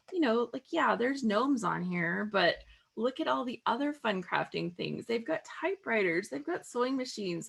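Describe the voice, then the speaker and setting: Bubbly woman with a gravelly edge. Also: high voice, a bit bright. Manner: bubbly, chatty, laughs often, many fillers. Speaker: scrapbooking livestream host. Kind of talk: casual craft livestream chat.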